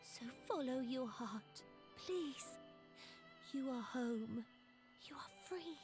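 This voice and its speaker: A woman's voice: sits high, lively intonation, takes it slowly, heavily acted. A woman voicing a young, regal, resolute sultana in a video game cutscene, speaking in a formal, old-fashioned way. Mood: tender. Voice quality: formal, archaic speech. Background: game music.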